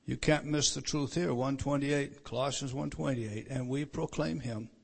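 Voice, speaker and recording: This middle-aged pastor's voice is creaky with a breathy edge, fairly even in intonation and at a normal speed. Preaching emphatically, he gets loud to stress scripture and goes low and quiet.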